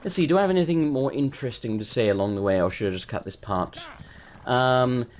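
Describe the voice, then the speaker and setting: A man's voice: medium pitch, fairly quick, slight background noise. An English man with a cold, casually commenting on his gameplay, jokey and talking to himself. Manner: jokey, talks to himself, animated. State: has a cold. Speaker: let's play host.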